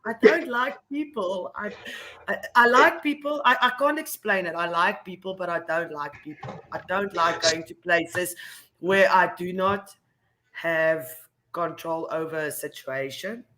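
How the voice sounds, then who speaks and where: A co-host whose first language is not English trades playful, giggly banter in a casual chat. The voice is bright and sharp, with a middle pitch. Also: measured pace.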